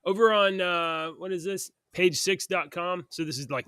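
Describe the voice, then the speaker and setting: A man's voice: high-pitched, moderate pace, bright, forceful tone, smooth, no room sound, studio quality. A man hosting a casual podcast, chatting and reading news stories aloud, stumbling over words now and then. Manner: chatty, stumbles and restarts while reading headlines. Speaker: podcast host.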